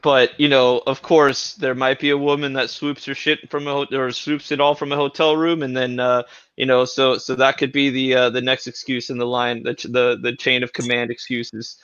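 A man talking on a podcast in a relaxed, rambling way, with a flat delivery. His voice sounds bright and smooth, but the audio comes through slightly dull and lo-fi. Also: medium pitch, moderate pace, no echo. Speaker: podcast guest. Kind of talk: casual podcast chat.

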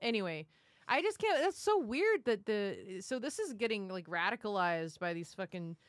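Woman co-host, blunt and profane, deadpan, dry close sound. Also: medium pitch, normal speed, dry recording. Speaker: podcast co-host. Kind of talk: casual chat.

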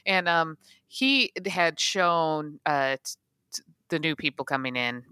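A woman co-hosting a casual podcast chat, plain-spoken and relaxed, often answering briefly. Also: low-pitched, slow, clean tone. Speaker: podcast co-host.

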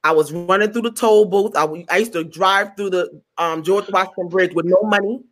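Animated woman comedian telling a story. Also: medium pitch, brisk. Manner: animated, acts out quotes in other voices; stumbles and repeats words. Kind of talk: storytelling in an interview.

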